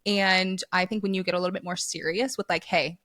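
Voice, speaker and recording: A woman's voice: fairly low pitch, steady tone, fast, a bit bright, no room sound, clean studio sound. A young woman co-hosting a podcast in casual chat, bubbly, slangy and emphatic. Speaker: podcast co-host.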